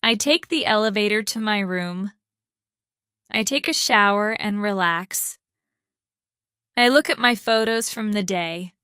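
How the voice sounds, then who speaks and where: A woman hosting a podcast, reading a slow English lesson in short, careful sentences. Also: medium pitch, bright, forceful tone, clear, resonant tone, no room sound, clean studio sound. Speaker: podcast host and English teacher.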